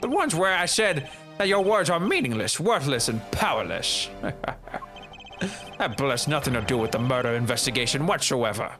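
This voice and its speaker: A man voicing a scheming older male ambassador villain in a game, gloating and pompous with soft chuckles. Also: medium pitch, sing-song, moderate pace, faint music behind. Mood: smug. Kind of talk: fan voice acting of a game.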